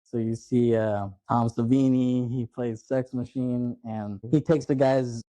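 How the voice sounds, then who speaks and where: A man hosting a casual movie podcast, retelling scenes with quick voice impressions and laughing often. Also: medium pitch, steady tone, warm tone, no echo, low-quality recording. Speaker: podcast host.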